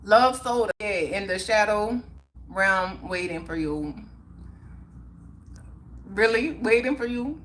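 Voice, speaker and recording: A woman's voice: mid-range voice, animated, slow pace, long pauses, a bit bright, a little hiss or hum. A woman hosting a casual livestream, chatting with viewers and preaching accountability with frequent laughter. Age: young adult or middle-aged mother. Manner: motivational, preachy about accountability, laughs often. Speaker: livestream host reading viewer comments.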